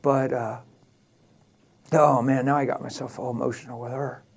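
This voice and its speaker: A man's voice: medium pitch, little pitch movement, normal speed, creaky. Emotional older male pastor. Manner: emphatic, emotional, candid. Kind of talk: casual storytelling talk.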